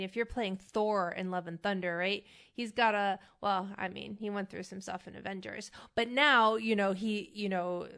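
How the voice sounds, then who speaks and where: A woman's voice: mid-range voice, a bit bright. A woman host coaching actors in a casual teaching monologue, talking conversationally and often checking in with "right?". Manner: conversational, frequent "right?" check-ins, emphatic. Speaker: acting coach and podcast host.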